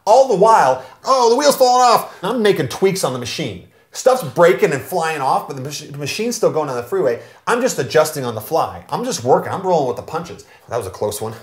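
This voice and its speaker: Brief: fast, animated male investor-mentor, casual advice, roomy echo. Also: on the high side. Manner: energetic, animated storytelling. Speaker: real estate investor and mentor.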